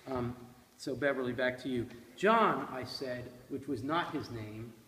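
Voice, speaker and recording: A man leading a classroom poetry discussion, quizzing students with a lively, playful manner. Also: mid-range voice, moderate pace. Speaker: seminar leader. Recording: echoey room from a distance, faint hiss.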